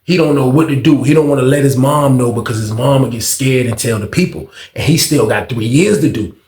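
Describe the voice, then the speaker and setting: A man's voice: medium pitch, fairly quick, a little mellow. Profane, rambling young man telling stories. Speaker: storytime vlogger. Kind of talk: casual storytelling. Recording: roomy echo.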